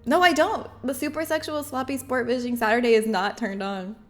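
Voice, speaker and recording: A woman streamer chatting casually with her live chat, bubbly and quick to laugh. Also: on the high side, fairly even intonation.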